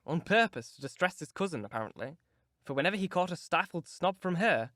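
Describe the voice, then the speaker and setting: A man narrating a classic novel as an audiobook in a measured, steady reading. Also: fairly high pitch, no echo, clean studio sound. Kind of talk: scripted narration.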